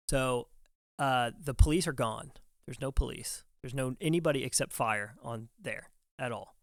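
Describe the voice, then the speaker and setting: A young adult man, a firefighter guest on a podcast, telling a story casually and acting out what other people said in quick quoted bits. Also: medium pitch, creaky, a bit bright, no echo, studio quality. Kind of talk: animated storytelling in casual conversation.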